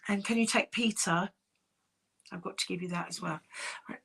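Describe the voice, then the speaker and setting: A woman working as a psychic medium, giving live-streamed readings in a soft, reassuring, chatty way with many pauses. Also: lowish voice, fairly even intonation, creaky, breathy edge. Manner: soft, reassuring, calls sitters "my darling".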